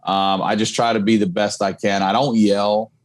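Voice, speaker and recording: A man's voice: lowish voice, level tone, moderate pace. A man guesting on a podcast, talking candidly in casual chat and swearing freely. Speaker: comedian and single dad.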